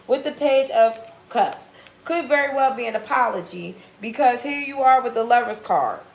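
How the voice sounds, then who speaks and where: A woman's voice: on the high side, moderate pace, gravelly, reverberant, poor audio. Blunt, profane woman reading tarot. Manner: blunt, profane, animated commentary. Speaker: tarot reader.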